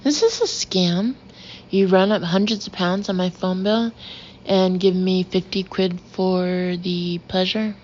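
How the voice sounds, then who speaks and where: A man's voice: high-pitched, fairly even intonation, unhurried, darkish tone, muffled recording, a little hiss or hum. Woman doing a suspicious, haggling husband.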